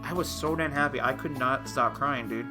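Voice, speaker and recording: Young male streamer, mid-pitched, emotional and rambling, chatty with his viewers, music playing underneath. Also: moderate pace. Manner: emotional, rambling, addresses chat as dude. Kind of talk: casual live-stream chat. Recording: clear music playing behind.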